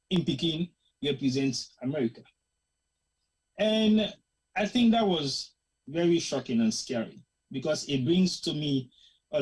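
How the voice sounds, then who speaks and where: A husky, mid-pitched voice with a Sierra Leonean, Krio-tinged English accent. This show host delivers an opinionated commentary monologue with real passion. The talk is emphatic and slips easily into Krio phrases. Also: a little mellow, rough recording. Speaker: host of a current-affairs discussion show.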